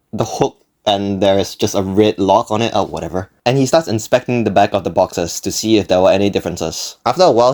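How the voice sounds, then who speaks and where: A man's voice: lowish voice, darkish tone. A young man narrating a comedic story about himself, self-deprecating and given to dramatic exaggeration. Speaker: channel creator.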